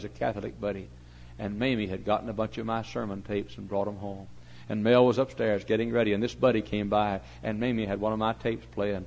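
A man preaching a sermon as pastor, swinging from hushed storytelling to loud hollering. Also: fairly low pitch, flat delivery, normal speed, creaky, dull audio.

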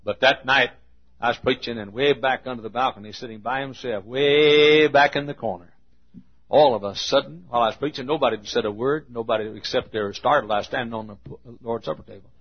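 A man preaching a sermon, telling folksy stories and swinging between hushed asides and emphatic points. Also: medium pitch, brisk, slightly rough. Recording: muffled lo-fi recording.

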